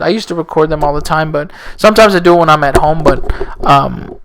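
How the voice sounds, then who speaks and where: A man's voice: a little high, fairly quick, fairly bright tone, a little hiss or hum. A man who teaches and hosts a fitness podcast, talking casually in a rambling, sarcastic way. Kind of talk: casual solo podcast talk.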